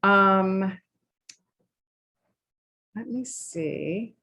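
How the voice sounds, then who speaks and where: A woman's voice: mid-range voice, lively intonation, drawn-out words, pushed and bright, slightly rough. A woman author from New England, reading passages from her novel at a library event, with hesitant remarks between readings.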